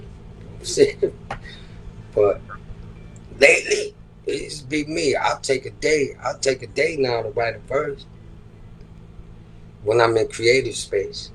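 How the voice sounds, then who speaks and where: Chill rapper guy talking loose and slangy, lots of "you know what im saying", middle pitch. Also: unhurried, pauses often, a bit bright, a little hiss or hum, poor audio. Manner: laid-back, slangy and profane, with frequent "you know what I'm saying". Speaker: rapper and producer. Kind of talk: casual interview chat.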